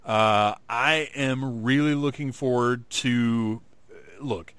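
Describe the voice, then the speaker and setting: A man's voice: mid-range voice, slow pace, fairly bright tone, clean tone, no room sound. A man co-hosting a casual chat, talking with enthusiasm and laughing easily. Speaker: podcast co-host.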